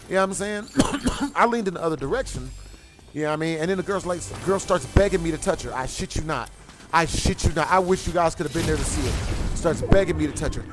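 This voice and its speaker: A man's voice: fairly high pitch, fast, over music. A man streaming a game and telling a profane, slangy story in casual chat, laughing and coughing often. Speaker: gaming streamer.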